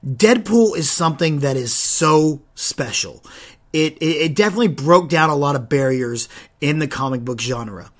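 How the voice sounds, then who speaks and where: A young man with a slightly raised voice hosts a solo podcast. He talks in an animated, rambling way. He often restarts and stumbles over his words. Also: fairly high pitch, normal speed. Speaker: podcast host.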